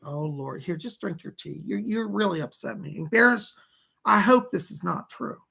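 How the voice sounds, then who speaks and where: A man's voice: high voice, animated, moderate pace, vocal fry, pushed and bright, husky. A man hosting a casual psychic livestream, chatty and fussy, greeting viewers and scolding a pet companion.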